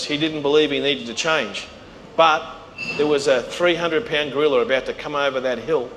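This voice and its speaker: A middle-aged Australian man with a slightly high voice tells business stories on stage, bringing the people he quotes to life. His voice carries through a large hall with a long reverb. A faint hum sits behind it. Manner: animated, acts out quoted voices. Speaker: keynote speaker. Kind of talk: storytelling business talk.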